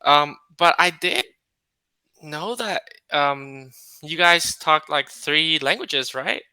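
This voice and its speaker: Male tutor, casual video-call chat, hesitant, smooth bright tone, dry close sound. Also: on the high side, slow pace, no room sound. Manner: hesitant, with many fillers. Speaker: English conversation tutor.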